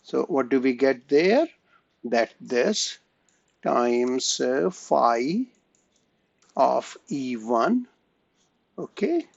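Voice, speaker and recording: A man giving an online math lesson at an unhurried pace, his voice gravelly and rising and falling a lot as he checks in with the class. He pauses and restarts often. The recording is dull and dry, with no room sound. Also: medium pitch, very animated, no room sound. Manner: slow, halting, frequent "right?" and "okay?" checks. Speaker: math lecturer. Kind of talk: online lecture.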